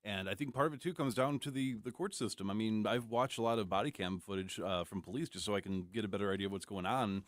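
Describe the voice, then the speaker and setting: A man co-hosting a talk radio show, chiming in with quick, wry remarks. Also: fairly low pitch, no room sound, studio quality. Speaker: radio co-host.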